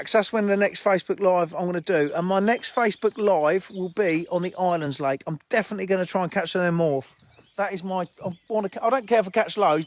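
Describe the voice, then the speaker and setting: A man hosting a casual outdoor livestream by a fishing lake, rambling bluntly and chatting with viewers. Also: high voice. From England. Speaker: livestream host. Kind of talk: casual livestream chat reading viewer comments.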